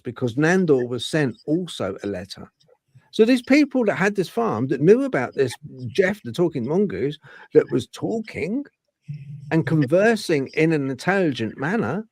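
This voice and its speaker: Male podcast host, lively up-and-down voice, rambles and restarts, dry close sound. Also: on the high side, no echo. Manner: rambling, with many fillers and restarts. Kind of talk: casual storytelling chat.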